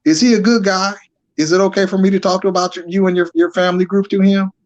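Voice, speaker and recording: A man's voice: sits high, steady tone, quick pace, pitched above the performer's own voice, close to an everyday voice. A man puts on the voice of an earnest woman with a raised, pleading tone who speaks to a Bigfoot and asks eager questions. The voice comes through a dull, lo-fi call line.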